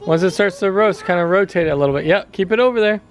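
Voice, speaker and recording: A man with a high voice and a fast pace speaks in an American accent as he cooks at a backyard grill. He's a family vlogger, relaxed and chatting straight into the camera.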